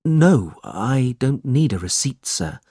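An earnest, grateful young man, as a narrator voices him in a storybook reading. The husky voice moves lively in pitch and sits dry and close. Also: slow, no echo, exaggerated voice. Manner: eager and polite.

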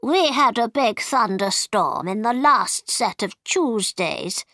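A woman voicing a muddled, fretful old queen in a storybook, with a drawn-out, fussy delivery. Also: a little high, animated, a bit bright, no echo.

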